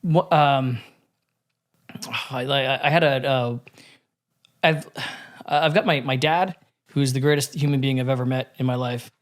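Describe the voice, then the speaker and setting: Male podcast talker, mid-pitched voice, unpolished, swears freely. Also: fairly even intonation, measured pace, long pauses. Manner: candid, profane storyteller with many restarts. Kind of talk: casual podcast conversation.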